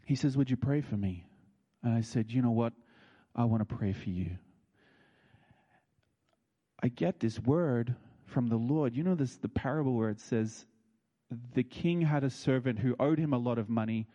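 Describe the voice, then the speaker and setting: A man preaching a sermon, telling stories and acting out what people said, with his voice leaping high when excited. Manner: animated, leaps high when excited, acts out quotes. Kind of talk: sermon with storytelling.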